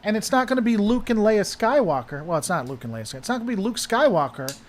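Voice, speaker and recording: A man's voice: high voice, very animated, fast talker, a little hiss or hum. A man hosting a casual livestream chat, rambling and heavily sarcastic as he answers viewers. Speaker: host.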